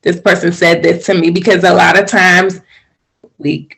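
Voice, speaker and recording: A woman co-hosts a relaxed podcast. Her voice has a gravelly, fried texture. She chats casually and animatedly acts out what people say in a sharply higher voice. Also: normal speed, poor audio. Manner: animated, acts out quoted reactions in a high voice. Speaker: podcast co-host. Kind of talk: casual chat.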